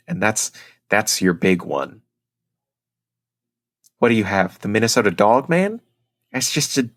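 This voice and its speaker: A man's voice: fairly low pitch, a bit bright. A man from Ohio co-hosting a casual podcast, reading out notes and teasing his co-host with mock indignation.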